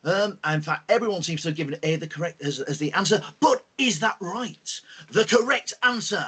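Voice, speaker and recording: A man hosting an online lesson for school pupils, talking in a lively, expressive teacher's way with plenty of fillers. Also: fairly high pitch, brisk, slightly rough. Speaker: host.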